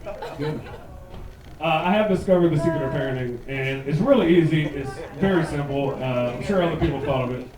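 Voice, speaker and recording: A man in his thirties performing a profane stand-up set, loud and punchy, slipping into mocking put-on voices. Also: on the high side, a little fast. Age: 30s. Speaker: stand-up comedian. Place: comedy club stage. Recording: echoey club, mic heard from a distance, laughing crowd.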